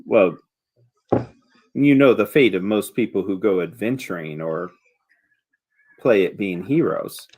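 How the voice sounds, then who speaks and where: A man voicing a meddling village mother, prying and fussy, lively pitch. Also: a little slow, pauses often, husky. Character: nosy middle-aged village mother, matchmaking.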